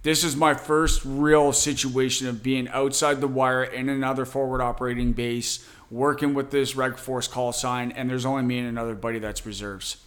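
A man's voice: medium pitch, little pitch movement, moderate pace, hardly any pauses, a bit bright. Middle-aged army guy chatting on a podcast, swears a lot, does the voices of his buddies. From Canada. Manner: casual and profane, acting out quoted voices. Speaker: guest, army sergeant. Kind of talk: casual chat.

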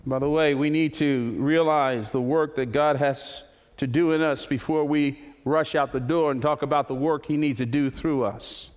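Man preaching a sermon, higher voice, loud highs then quiet slow bits, long echo like a big church. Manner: preaching with sudden swells to high, loud climaxes and soft, slow drops. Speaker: pastor. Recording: long hall reverb.

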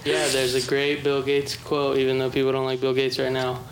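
A podcast co-host telling stories in relaxed casual chat. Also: medium pitch, a little fast, noisy background.

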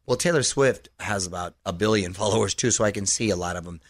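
A man hosting a radio show, talking in an energetic, quick and playful way. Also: lowish voice. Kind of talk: upbeat radio chat and show links.

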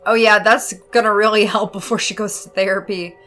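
A woman's voice: mid-range voice, fairly even intonation, fairly quick, a bit bright, faint music behind. A woman in her thirties chatting casually as she watches a show with a friend, blunt and joking, swearing freely. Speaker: co-host reacting to a TV show. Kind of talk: casual watch-along chat.

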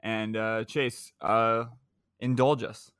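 A man's voice: on the low side, little pitch movement, slow, fairly bright tone, clean tone. A man hosting a podcast who steers the chat with jokey questions. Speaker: podcast host. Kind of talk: casual chat.

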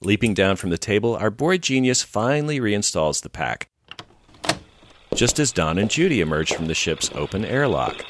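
A man's voice: fairly low pitch, big pitch swings, normal speed, a little hiss or hum. A man co-hosting a podcast who narrates an episode recap with dramatic storytelling. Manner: dramatic, storytelling, acts out dialogue. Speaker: podcast co-host.

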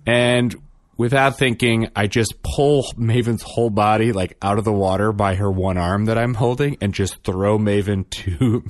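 A man's voice: on the low side, fairly even intonation, normal speed, no echo, clean studio sound. A man in his thirties, a father and podcast co-host, telling a funny story in casual chat and acting out the quotes with self-deprecating humor.

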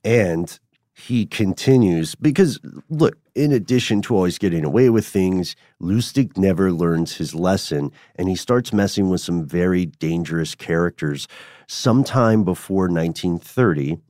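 A man co-hosting a casual history chat, telling the story in a playful, animated way. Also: deep voice, moderate pace, no room sound, clean studio sound. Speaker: podcast co-host.

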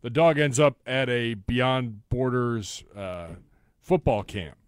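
A man's voice: mid-range voice, lively intonation, takes it slowly, clear, resonant tone, no room sound, clean studio sound. A man co-hosting a sports radio show, retelling commercials in a loose, rambling way. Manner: rambling, retells ads with quoted lines. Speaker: co-host. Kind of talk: casual sports radio chat.

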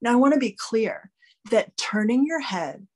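A woman talking candidly in a casual podcast conversation, explaining with animated emphasis and free swearing. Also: a little high, normal speed, husky. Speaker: guest expert.

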